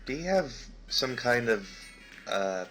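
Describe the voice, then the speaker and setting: Slow bright-voiced young man, gaming chat. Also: mid-range voice, big pitch swings, soft background music. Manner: hesitant, many ums and uhs. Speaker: let's play commentator. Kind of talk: casual gaming commentary.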